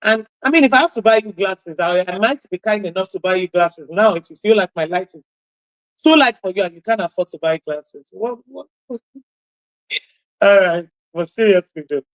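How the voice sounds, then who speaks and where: A woman with a husky voice hosting a radio talk show, giving an impassioned motivational talk and repeating key phrases for emphasis. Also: lowish voice, normal speed, dry recording, low-quality recording.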